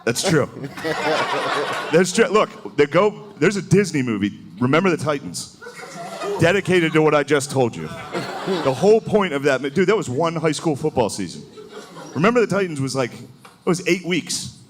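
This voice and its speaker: This stand-up performer's voice is on the high side, with lively intonation at a normal speed. Live on stage, he talks casually, laughs at his own jokes, and slips into mocking voices to the sound of audience laughter.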